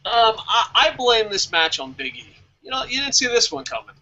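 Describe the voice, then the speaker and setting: A man's voice: extremely high pitch, normal speed, lo-fi sound. A man co-hosting a casual wrestling podcast who tells jokey stories, acts out quotes in funny voices and swears freely. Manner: animated storyteller, acts out quotes, profane. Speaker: podcast co-host.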